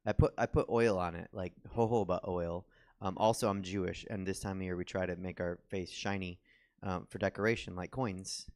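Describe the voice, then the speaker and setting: A man's voice: low-pitched, steady tone, moderate pace, darkish tone. A young man doing a stand-up comedy set on a theater stage, rambling and self-deprecating with lots of ums and restarts.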